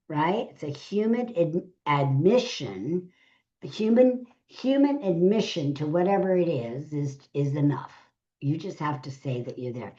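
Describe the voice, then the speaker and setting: A woman's voice: deep voice, darkish tone, lo-fi sound. A middle-aged woman, a speaker trainer, teaching a live session, going through numbered tips and repeating each key phrase.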